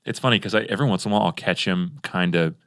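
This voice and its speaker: A young man from Los Angeles talking as a podcast guest in a relaxed, rambling way, full of fillers and restarts. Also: deep voice, racing, dry recording, studio quality. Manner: laid-back, rambling with many fillers and restarts; does exaggerated impressions in anecdotes. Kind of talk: casual conversation.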